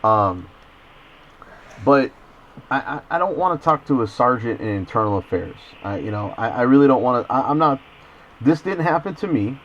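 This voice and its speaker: A man's voice: mid-range voice, animated, moderate pace, a bit bright, a little hiss or hum. A man working as an investigative journalist, talking insistently on a recorded phone call and often stammering and repeating his words. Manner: insistent, persistent.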